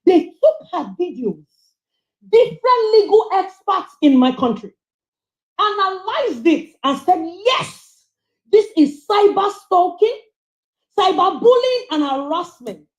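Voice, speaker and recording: A woman's voice: extremely high pitch, sing-song, slow, echoey room, poor audio. A woman giving passionate, scolding commentary on a livestream as she reads out charges.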